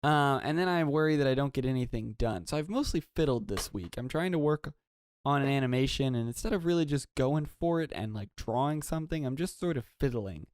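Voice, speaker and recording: A man's voice: mid-range voice, lively intonation, brisk, darkish tone, no echo. A young man co-hosting a podcast in casual chat, laid-back and self-deprecating. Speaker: podcast co-host.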